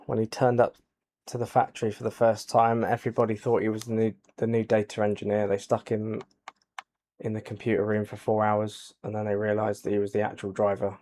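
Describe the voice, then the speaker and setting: Low, gravelly soft-spoken man. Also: monotone, fairly quick, slight background noise. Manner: quiet, low-key storytelling with dry jokes. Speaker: gaming channel host. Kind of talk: soft-spoken ASMR gaming commentary.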